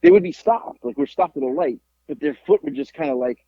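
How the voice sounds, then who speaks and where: A man from Florida, a podcast host, telling a profane story in a lively, repetitive way. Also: fairly high pitch, fairly quick, lo-fi sound. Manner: animated, profane, repeats himself. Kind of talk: casual storytelling chat.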